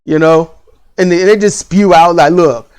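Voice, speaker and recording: A vlogger ranting bluntly about parenting and school in a casual, repetitive way, with lively rises in pitch. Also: moderate pace, clean tone. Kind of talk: opinion rant to camera.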